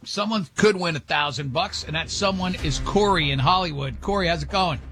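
A man hosting a radio show, telling a rambling, animated story in casual banter with his co-hosts. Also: fairly high pitch, brisk. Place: radio studio.

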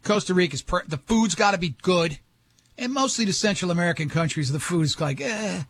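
High-voiced rambling talk host. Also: male voice, lively intonation, brisk, a bit bright. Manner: rambling, joking storyteller. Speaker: radio show host. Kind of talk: casual chat.

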